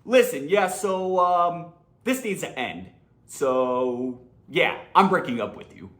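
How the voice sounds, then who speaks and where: A woman's voice: low-pitched, expressive, slow, echoey room. A woman voicing a young man who casually ends a relationship, hesitating and offhand.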